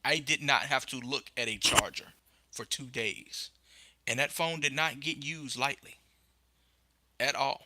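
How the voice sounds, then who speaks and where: A young man hosting a casual tech podcast over a phone live stream, rambling with many fillers and bursting into excitement about phones. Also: mid-range voice, measured pace, long pauses, a little hiss or hum. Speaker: podcast host.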